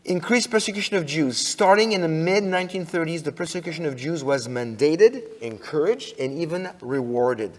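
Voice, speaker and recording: In a church sanctuary, a man gives a sermon-style conference talk, telling stories as an animated speaker who often restarts and puts questions to the audience. His pitch is fairly high, his pace moderate with few pauses, and a long hall reverb hangs over the recording.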